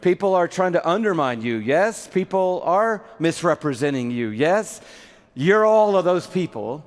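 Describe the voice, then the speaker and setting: A middle-aged man preaches with an animated delivery and slips into little acted scenes. His voice sits fairly high. The sound carries a long reverb from a large hall. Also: measured pace. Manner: animated, acts out little skits with props. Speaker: pastor. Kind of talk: sermon.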